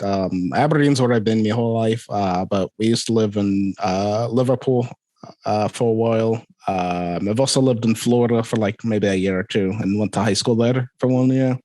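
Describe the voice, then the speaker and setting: A young Scottish man with a mid-pitched voice chats as an interview guest, easygoing and loose. He hesitates often and fills gaps with "um" and "like". The sound is dry and close. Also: a little mellow, no echo. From Scotland. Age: young adult. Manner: easygoing, hesitant, many fillers and restarts. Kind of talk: casual interview chat.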